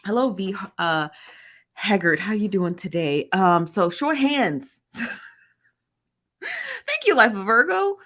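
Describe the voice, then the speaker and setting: A woman's voice: mid-range voice, expressive, slow, long pauses, a bit bright. A woman hosting a casual livestream, chattily greeting viewers by name and reading their comments aloud. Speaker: livestream host. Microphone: phone.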